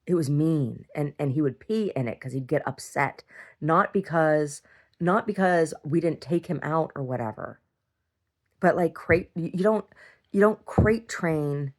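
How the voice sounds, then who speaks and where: Middle aged woman with a low voice, blunt sweary rambling video diary rant. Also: measured pace. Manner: blunt, swears freely, drifts into rants. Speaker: video diarist. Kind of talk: casual rambling monologue.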